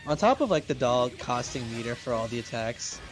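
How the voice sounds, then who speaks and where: A man's voice: mid-range voice, sing-song, brisk. A man doing play-by-play commentary on a fighting game tournament, breaking down plays analytically and speeding up when he explains. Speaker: esports commentator.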